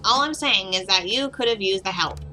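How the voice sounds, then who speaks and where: A woman's voice: mid-range voice, fairly quick, noisy background, lightly acted. Woman doing a smug teasing detective guy. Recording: background music.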